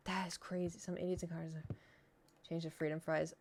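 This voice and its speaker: Chatty woman streamer, lowish voice. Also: quick pace. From United States. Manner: chatty, animated, rambling. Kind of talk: casual chat with chat.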